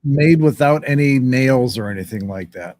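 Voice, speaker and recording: A man's voice: mid-range voice, lively intonation, normal speed, a little mellow, slight background noise. A man hosting a casual chat show, laid-back and joking, reading viewer comments. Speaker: podcast host.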